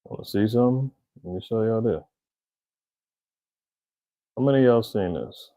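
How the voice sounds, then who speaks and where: Mellow-voiced man ranting casually. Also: lowish voice, animated, moderate pace, no room sound, lo-fi sound. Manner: conversational, rambling, slangy, addresses viewers directly. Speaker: vlogger commentator. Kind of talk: casual commentary monologue.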